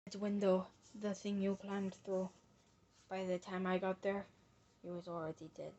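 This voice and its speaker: A woman's voice: mid-range voice, flat delivery, moderate pace, dark tone, muffled recording. A woman narrating a mystery reveal, theatrically accusing the culprit as she retraces the crime step by step.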